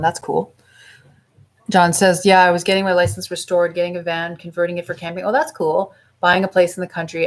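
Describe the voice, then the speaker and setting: A woman's voice: fairly low pitch, low-quality recording. A woman who is sick and in pain, chatting casually on a live stream from home, groaning and reading out viewer comments. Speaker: vlogger.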